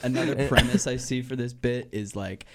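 A young man co-hosting a casual comedy podcast, animated and laughing often as he drops into silly voices mid-story. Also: medium pitch, normal speed, gravelly. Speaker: podcast co-host.

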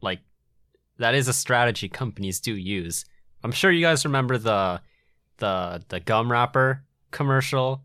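A man's voice: medium pitch, expressive, normal speed, bright, forceful tone, no echo, studio quality. A man co-hosting a podcast in casual chat, hesitant with fillers, turning playful. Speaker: podcast co-host.

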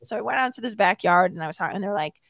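A woman's voice: medium pitch, rapid-fire, vocal fry, no room sound. Self-mocking woman telling a story, dry sound. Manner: animated, self-mocking, laughs often. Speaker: interview guest. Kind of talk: storytelling in a casual interview.

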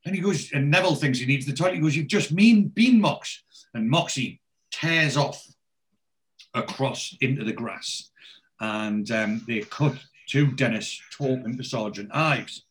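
A man in a relaxed podcast chat, walking through an episode as he goes. He rambles and fills gaps with "you know" and "um", and his voice sits in an ordinary middle pitch. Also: measured pace. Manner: rambling, heavy on fillers. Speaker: podcast host. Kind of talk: casual chat recapping a TV episode.

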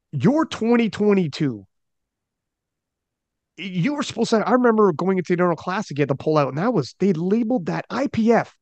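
A man hosting a podcast interview, telling a story in an animated, emphatic way. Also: a little high, no echo. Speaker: podcast host.

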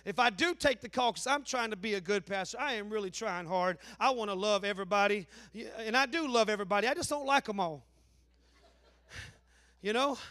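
A man with an Appalachian accent preaches in a folksy, joking way. His voice sits very high for a man, and he swings from loud preaching to low asides. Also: fairly quick. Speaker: pastor. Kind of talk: sermon.

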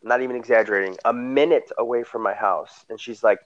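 A man casually telling a story, animated, acting out what people said with sudden loud, high bursts. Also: fast, muffled recording.

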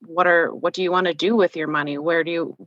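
A woman in her thirties with a Minnesota accent talks candidly as a podcast guest, dropping "like" into her sentences. Her voice sits a little low for a woman but has a bright, forceful edge. The sound is dry and dull, like lo-fi remote audio. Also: fairly even intonation, fast talker, dry recording. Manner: chatty, candid, frequent "like" fillers. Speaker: guest, financial planner. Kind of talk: casual podcast conversation.

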